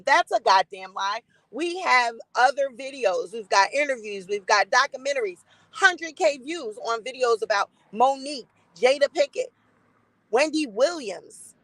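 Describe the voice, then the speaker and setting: A woman's voice: high voice, expressive, unhurried, fairly bright tone, no room sound, low-quality recording. A woman hosting a live-stream gossip commentary, blunt and defiant, swearing freely and greeting chat viewers by name.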